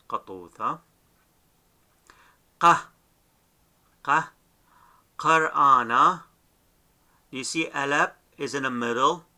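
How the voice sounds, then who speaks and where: A man with an Assyrian accent leads a pronunciation lesson, slowly and deliberately. His tone is bright and forward, and he says each syllable twice so learners can follow. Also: mid-range voice. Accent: Assyrian, Dashtan Ninwe dialect. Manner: says each sound or word, then says it again clearly. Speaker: language teacher. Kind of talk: slow spoken lesson with repeated pronunciation drills.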